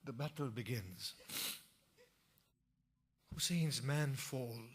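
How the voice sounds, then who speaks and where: A man narrating an emotional religious story in a sermon, moving from hushed tones to impassioned cries. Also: medium pitch, animated, very slow, slightly rough. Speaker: preacher.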